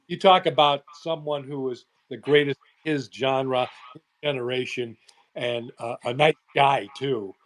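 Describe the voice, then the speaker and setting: Unhurried older man reminiscing. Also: mid-range voice, fairly even intonation, a bit bright, a little hiss or hum. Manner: unhurried storyteller, frequent "uh" pauses. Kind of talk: casual chat, reminiscing.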